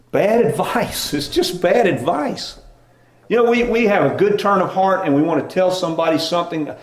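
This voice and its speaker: A middle-aged man preaching a sermon as pastor, in a relaxed conversational storytelling manner. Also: fairly high pitch. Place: church sanctuary. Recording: echoey church room.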